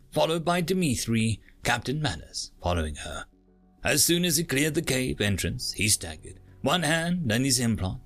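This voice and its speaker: A man's voice: mid-range voice, a bit bright. A man narrating a science fiction audiobook in a dramatic storytelling manner. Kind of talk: scripted narration.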